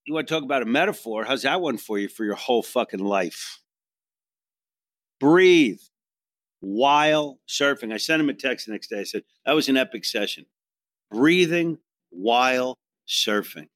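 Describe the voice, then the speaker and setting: Middle-aged male storyteller, animated and self-deprecating, dry booth sound. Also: medium pitch, fast, few pauses, no echo. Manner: animated, swearing, self-mocking, acts out quotes. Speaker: podcast guest telling a story. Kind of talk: casual storytelling chat.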